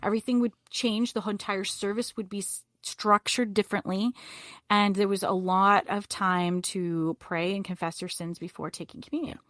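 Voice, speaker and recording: A middle-aged woman telling a personal story as a podcast guest, vivid and animated. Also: mid-range voice, moderate pace, no room sound, studio quality.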